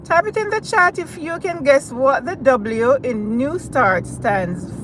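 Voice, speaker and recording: While driving, a woman with a Jamaican accent hosts a casual live stream from her car, chatting and speaking directly to her viewers. Her high voice has lively intonation and a slow pace, with car and road noise in the background.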